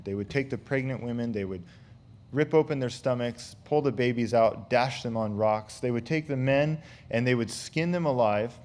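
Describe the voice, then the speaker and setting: An American man gives a Bible teaching from the pulpit. His voice sits in an ordinary middle pitch. He speaks casually and keeps returning to "you know" as he goes. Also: a little mellow. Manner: conversational, with frequent fillers like "you know". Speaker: pastor.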